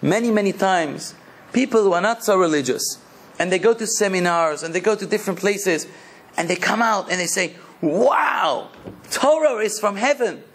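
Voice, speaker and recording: A rabbi delivers a sermon in a high-pitched voice with a husky, slightly rough edge. He preaches with passion and leans into each point with emphasis. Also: fairly quick, fairly bright tone.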